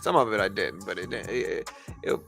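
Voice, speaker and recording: A man's voice: lowish voice, moderate pace, vocal fry, a bit bright, faint music behind. A man hosting a trading live stream from home, talking in a rambling, casual way full of fillers like "man" and "like".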